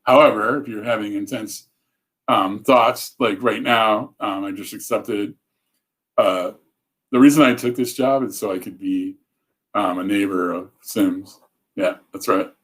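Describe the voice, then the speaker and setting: This is a man hosting a casual livestream in a slightly low voice. He talks in a loose, rambling way. He cuts himself off and picks the thread up again. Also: fairly even intonation, a little slow, fairly bright tone. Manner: rambling, self-interrupting, chatty. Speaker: show host.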